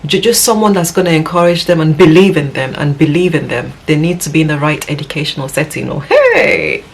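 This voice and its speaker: A woman's voice: low-pitched, very animated, a little fast, gravelly, poor audio. A woman with a West African accent talking casually to camera as a parent vlogger, rambling and earnest, with many fillers and restarts.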